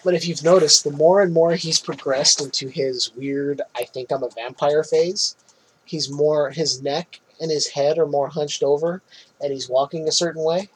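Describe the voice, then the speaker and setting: A man casually recapping a movie on a podcast, animated, laughing often and swearing freely. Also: fairly high pitch, moderate pace, slight background noise. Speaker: podcast co-host.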